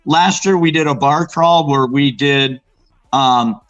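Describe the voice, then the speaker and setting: A man's voice: mid-range voice, slow, fairly bright tone, clear, resonant tone, highs cut off. A man from Arizona, raised in Los Angeles, chatting as a guest and telling rambling local stories with many restarts. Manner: rambling storyteller, restarts and fillers, acts out quotes. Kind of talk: casual chat about local hauntings.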